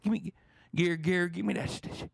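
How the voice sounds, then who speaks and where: Man putting on a squeaky stammering bar regular. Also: fairly even intonation, quick pace, creaky, no room sound, clean studio sound. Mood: flustered pleading. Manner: stammering, repeating himself.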